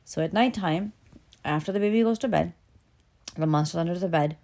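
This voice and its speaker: A woman telling an original children's story in a playful, animated way, swinging between hushed and loud. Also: lowish voice, a little fast.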